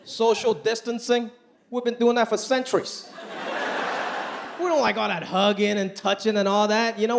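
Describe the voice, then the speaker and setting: A man performing a stand-up comedy routine on a club stage, talking in an animated way and acting out the voices he quotes. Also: sits high. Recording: live club recording with crowd noise. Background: audience laughter.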